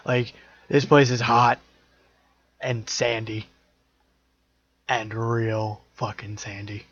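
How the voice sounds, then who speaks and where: A man's voice: medium pitch, flat delivery, slow, fairly bright tone, dull audio. A young man narrating as game master in a casual tabletop session, swearing and joking with players.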